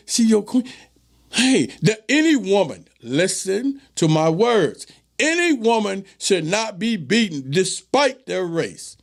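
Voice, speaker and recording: A man's voice: high-pitched, gravelly. A man hosting his own talk show, giving an emphatic commentary monologue and repeating phrases for stress. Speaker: show host. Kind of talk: direct-to-camera commentary monologue.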